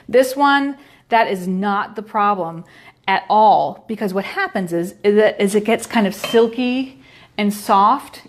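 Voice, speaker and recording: A middle-aged woman hosting a baking show, giving a chatty, playful cooking demonstration with little sound effects. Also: medium pitch.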